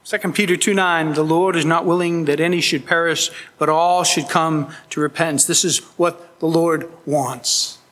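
A man's voice: a little high, steady tone, moderate pace, few pauses, fairly bright tone. A man preaching a sermon as pastor, earnest and emphatic, pleading with his listeners. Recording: long hall reverb.

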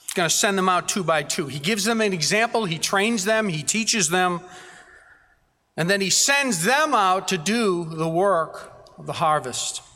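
A pastor delivering a sermon in a slightly high, bright and forceful voice. He preaches earnestly, stacking repeated phrases for emphasis. The sound rings with the long reverb of a church sanctuary. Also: expressive, a little slow.

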